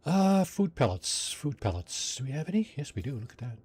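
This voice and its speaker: A man's voice: medium pitch, very animated, fast, a little mellow, husky. A man chatting casually while livestreaming a game, reading chat aloud and joking with his viewers. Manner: chatty, reads chat aloud, jokey asides. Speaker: streamer.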